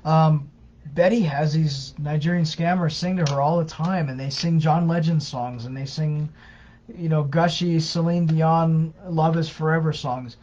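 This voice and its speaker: A woman answers questions on a casual live stream in a chatty, halting way, stumbling over her words and filling gaps with ums. Her voice comes through dull and muffled. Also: sits low, steady tone, mellow, slight background noise. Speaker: co-host of a scam-awareness page.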